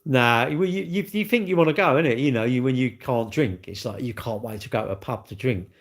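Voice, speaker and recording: A man with a mid-range voice hosts a livestream, talking fairly quickly. He chats casually with live viewers in a rambling, repetitive, blunt way.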